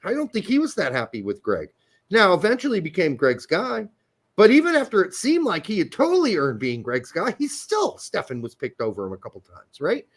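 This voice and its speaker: A man's voice: sits high, huge pitch swings, brisk. A man hosting a casual soccer podcast. He talks emphatically, repeats his points and swears freely. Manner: emphatic, repetitive, profane. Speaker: podcast host. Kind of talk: casual soccer commentary chat.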